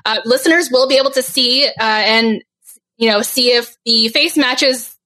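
A woman hosting a podcast game, explaining the rules with many fillers and an unhurried delivery. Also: on the high side, pushed and bright, poor audio. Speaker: game host.

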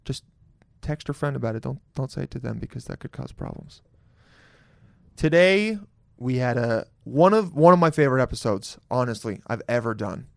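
A man's voice: medium pitch, lively intonation, moderate pace, creaky, dry recording, studio quality. A man hosting a podcast, talking casually in a loose, jokey and profane way, laughing often. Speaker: podcast host. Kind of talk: casual solo podcast intro.

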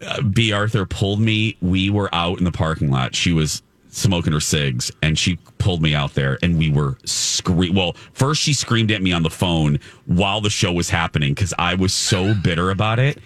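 A man co-hosting a casual podcast, telling a story with animated retellings and frequent laughter. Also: low voice, normal speed, few pauses, dry recording. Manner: animated, laughs often, mimics voices. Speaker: podcast co-host.

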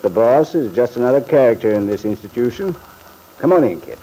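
A man's voice: medium pitch, big pitch swings, a little fast, noisy background, close to an everyday voice. An actor playing a fatherly middle-aged bank-owning uncle in a vintage radio soap, genial and chuckling. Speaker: bank executive.

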